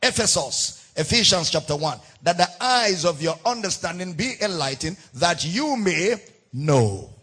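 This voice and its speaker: A man's voice: sits high, lively intonation, measured pace, sharp tone, breathy edge. A male pastor preaching a sermon in a church, emphatic, repeating key words in a sing-song cadence.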